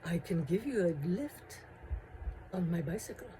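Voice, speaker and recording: A woman voicing a creepy, pale man who thinks he is a vampire, speaking slowly and softly. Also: sits high, expressive, a little hiss or hum.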